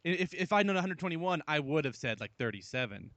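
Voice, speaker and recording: A man with a fairly high, lively voice co-hosts a comedy podcast, arguing his point playfully and laughing along. His voice sounds dry and close, with no room echo. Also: quick pace, highs cut off. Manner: playfully argumentative, giggly. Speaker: podcast co-host. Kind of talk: casual comedy podcast chat.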